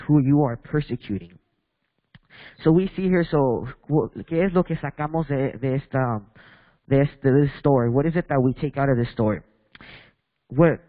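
A man preaching a bilingual sermon in a church, reading scripture and switching between English and Spanish with halting restarts while questioning the congregation. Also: mid-range voice, no echo, in a large hall, narrow, tinny audio.

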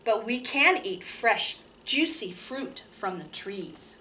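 Woman doing loud, excited baboon troop, bright storybook voice. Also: on the high side, takes it slowly, slight background noise, full character voice. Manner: calling out, excited.

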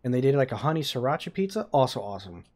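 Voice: medium pitch, sing-song, very fast, darkish tone. A streamer casually chatting and rambling while playing a video game, swearing now and then. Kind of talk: casual gaming stream chat.

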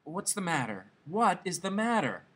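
A timid clerk husband stammers and coaxes, keen to please, as a male reader puts him on. His voice is husky and lively, rising and falling as he talks, in a storybook read aloud. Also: sits high, moderate pace, pitched above the performer's own voice, exaggerated voice. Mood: eager. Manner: stammering, hopeful.

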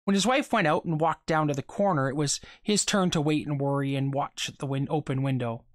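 A reader narrating a short story aloud for students, in a steady, measured manner. The voice sits at a middle pitch, and the recording is dry and close with no room sound. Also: dry recording.

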